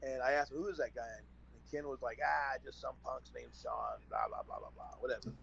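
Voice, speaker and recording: A man's voice: medium pitch, sing-song, a little fast, creaky, fairly bright tone, lo-fi sound, a little hiss or hum. A man from San Antonio, a former wrestler and podcast guest, telling a story casually and acting out the phone calls in it. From San Antonio, Texas.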